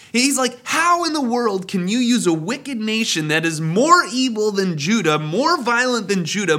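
A man delivering a sermon as lead pastor, with a bright, clear tone that sits a little high. He talks in a conversational way with personal asides, and he voices quoted complaints with rising intensity.

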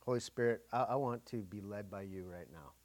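A middle-aged pastor preaching a conversational sermon, often acting out inner dialogue. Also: male voice, lowish voice, fairly quick, a little mellow.

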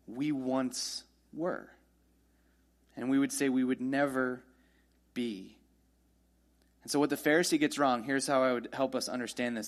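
A man preaching a sermon in a conversational way, often asking his listeners rhetorical questions and reading scripture aloud slowly. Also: mid-range voice, fairly bright tone. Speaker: pastor.

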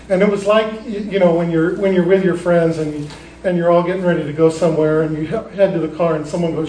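A man preaching a sermon as a pastor, telling stories in a relaxed, conversational way with frequent restarts. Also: on the high side, roomy sound, recorded from a distance, a little hiss or hum, rough recording. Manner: conversational storytelling with many restarts.

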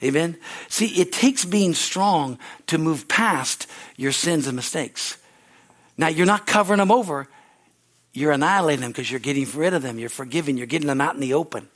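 Pastor, middle-aged man, high-pitched, fervent sermon with shouted calls. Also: moderate pace. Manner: fervent, repetitive, rises to shouting exhortations.

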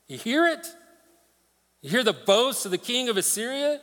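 A man preaching a verse-by-verse sermon in a church sanctuary, his high, bright voice ringing through the room's long reverb. He reads scripture aloud with dramatic emphasis, then drops lower and quieter to explain it. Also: sing-song, moderate pace, long pauses. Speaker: pastor. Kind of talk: expository sermon.

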